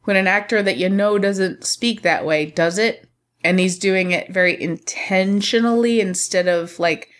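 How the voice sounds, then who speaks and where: A woman's voice: mid-range voice, a little slow. A woman co-hosting a casual film review podcast, giving opinionated takes in long, winding runs.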